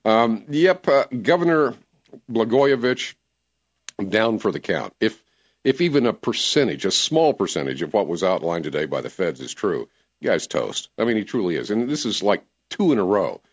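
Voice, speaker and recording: A male talk radio host with a low voice that swings widely in pitch as he presses his points. He talks emphatically and animatedly to his callers. The sound is dull and lo-fi, like an old radio broadcast. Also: moderate pace. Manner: animated, emphatic, laughs easily.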